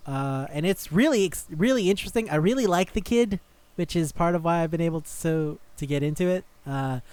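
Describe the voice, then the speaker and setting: A man's voice: on the high side, a little fast, darkish tone, smooth, no echo. A man co-hosting a podcast, chatting casually in a rambling way, swearing and laughing easily. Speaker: podcast co-host. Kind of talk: casual chat.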